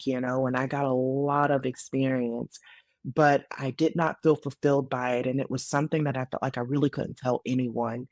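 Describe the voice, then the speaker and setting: A woman in her late thirties, a podcast guest, telling her story in casual conversation, earnest and animated with frequent fillers. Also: very deep voice, no room sound, studio quality. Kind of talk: casual interview testimony.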